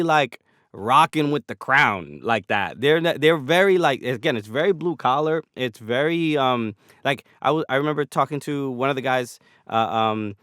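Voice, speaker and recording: A man's voice: mid-range voice, fairly bright tone, clean tone, dry recording, clean studio sound. An American man, a comedian and podcast guest, talking in a rambling casual way with lots of restarts and fillers. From United States.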